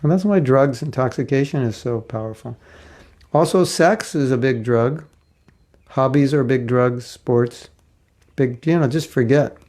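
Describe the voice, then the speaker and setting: A man's voice: mid-range voice, a little slow, a little mellow. A man giving a spiritual lecture class in a conversational way, asking rhetorical questions and acting out quotes. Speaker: spiritual teacher.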